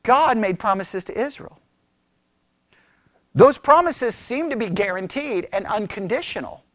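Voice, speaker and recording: A Bible teacher giving a conversational sermon, animated and exasperated, who mocks his opponents in raised voices. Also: mid-range voice, measured pace, dry recording, studio quality.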